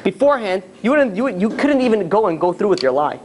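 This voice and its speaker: Voiced by a man, a stern, wise father lectures his son in a slightly raised voice. He is emphatic and talks fast as he drives his lesson home. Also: high-pitched, sing-song, darkish tone, slight background noise, pitched above the performer's own voice. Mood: lecturing.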